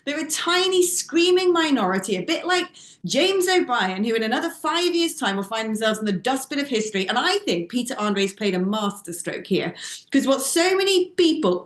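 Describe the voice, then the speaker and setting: A woman with a high voice argues her views emphatically as a talk show panel guest. Her audio comes from a roomy, echoing space. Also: big pitch swings, moderate pace. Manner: emphatic, opinionated. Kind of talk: studio talk show discussion.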